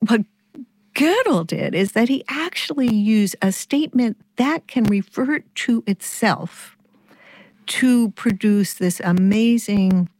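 A woman explaining ideas carefully in a conversation, thoughtful and measured, pausing as she works through examples. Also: a little high, lively intonation, a little mellow, no echo. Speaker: guest expert.

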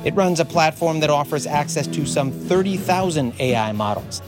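Male radio reporter, measured delivery. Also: on the high side, animated, music in the background. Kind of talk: scripted news report.

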